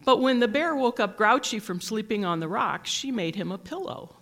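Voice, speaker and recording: A teacher reading a picture book aloud in a gentle, measured storytelling manner. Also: medium pitch, animated.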